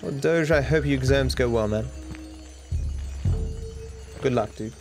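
A man's voice: mid-range voice, measured pace, music in the background. An Australian man livestreaming a game, chatting offhand and answering viewers' questions. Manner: offhand, reads and answers chat. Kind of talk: casual chat while gaming.

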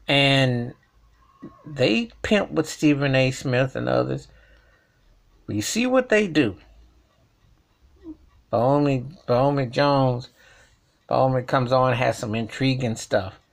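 A man's voice: mid-range voice, lively intonation, slow, creaky, long pauses. A man delivering an emphatic, repetitive rant in colloquial speech, commenting as a vlogger. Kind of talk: ranting commentary.

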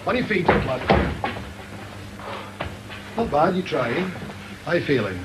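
A middle-aged man, coaching a novice wrestler in a gruff, barking way. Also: a little high, very animated, slow, over loud music. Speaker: wrestling trainer. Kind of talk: coaching instructions. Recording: noisy archive documentary sound.

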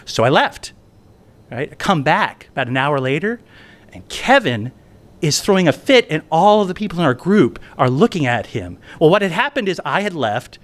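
A man's voice: on the high side, very animated, normal speed. Man telling a funny story on stage. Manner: conversational, frequently asking "right?". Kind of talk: live personal storytelling. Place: event venue indoors.

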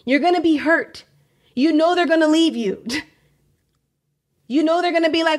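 Young woman, high voice, faith podcast host, candid casual talk, repeats herself, laughs a lot. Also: normal speed. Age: young adult.

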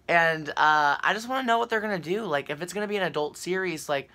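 A young woman chatting casually to her viewers and reading a news article aloud, excitable and full of fillers. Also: sits low, brisk, hardly any pauses. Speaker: vlogger.

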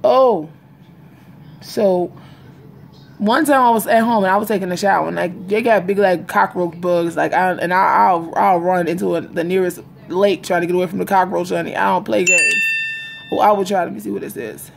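A woman chatting casually to camera in an animated storytelling style, laughing often. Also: on the low side, normal speed, gravelly, a little hiss or hum. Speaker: vlogger. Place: home, indoors. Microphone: phone or webcam camera.

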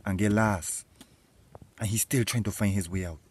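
A man's voice: on the low side, steady tone, moderate pace, breathy edge. A man in a comedy sketch, talking aggressively and mockingly, swearing a lot.

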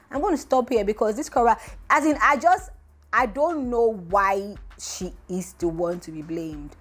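A woman hosts a vlog, giving emphatic, rhetorical gossip commentary. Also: unhurried. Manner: emphatic and rhetorical, voice often jumping up high. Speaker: vlogger host. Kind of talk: casual celebrity gossip commentary.

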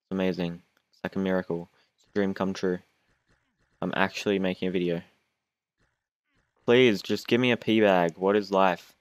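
A man's voice: sits low, fairly even intonation, moderate pace, long pauses, no room sound. A young man, chatting and joking through his own gameplay recording, whining and self-mocking as he goes. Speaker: gaming YouTuber. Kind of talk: casual gameplay commentary.

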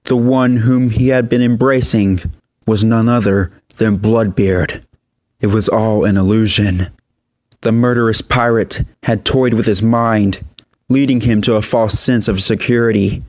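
A man narrating a horror story in a steady, even scripted reading. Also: on the low side, unhurried, no room sound.

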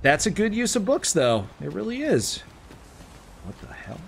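A man casually chatting while playing a video game with friends, excitable and quick to yelp and laugh at the action. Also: high voice, creaky, slight background noise. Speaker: gamer streaming with friends. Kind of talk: casual let's-play chat.

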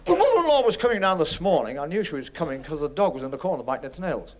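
A man doing stand-up comedy on a 1970s TV stage, telling quick jokes with punchlines. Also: sing-song, background noise. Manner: brisk punchline delivery with big pitch swings. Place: TV studio stage with audience.

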